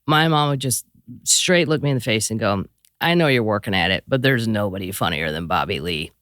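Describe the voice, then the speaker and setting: Woman comedian guest, middle-aged; lively pitch, dry studio sound, wry delivery. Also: fairly quick, no echo. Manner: wry, animated anecdotes. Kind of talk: casual chat. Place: podcast studio.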